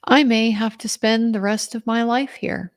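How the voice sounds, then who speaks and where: A woman legal commentator recounting courtroom testimony in an animated retelling, quoting others in her own voice. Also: on the high side, unhurried.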